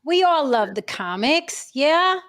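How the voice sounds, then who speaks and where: Casting: woman podcast host, fairly high voice, dry close sound, teasing and probing. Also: sing-song, takes it slowly, a bit bright, dry recording. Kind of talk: casual chat.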